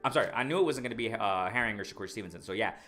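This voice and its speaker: A man hosting a live boxing stream who reads viewer comments aloud and reacts with excitable, repetitive commentary. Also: fairly low pitch, racing, soft background music. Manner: excitable, repeats himself, reads chat aloud. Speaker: boxing livestream host. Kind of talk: live chat reading and commentary.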